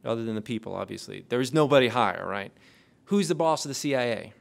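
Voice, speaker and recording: Man, lecturer, gravelly voice, interactive classroom lecture peppered with questions. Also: medium pitch, lively intonation. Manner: quizzes the audience with rapid questions. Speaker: lecturer on intelligence oversight.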